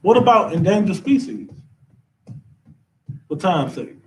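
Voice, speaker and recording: A man lectures a class in a loose, ranting style and keeps asking whether his listeners follow him. His voice is unusually high and swings widely in pitch. He sounds a fair way from the microphone. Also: sing-song, a little slow, recorded from a distance, a little hiss or hum, rough recording. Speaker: class teacher.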